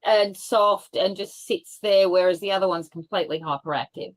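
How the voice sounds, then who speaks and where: Woman, low-ish voice, rambling video call guest. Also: moderate pace, poor audio. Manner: rambling, with many fillers and restarts. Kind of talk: casual video call chat.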